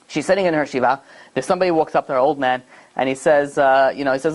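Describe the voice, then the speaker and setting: Fast-talking rabbi telling a story. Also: male voice, a little high, rough recording. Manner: conversational, animated storyteller with fillers. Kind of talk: Torah class talk with storytelling.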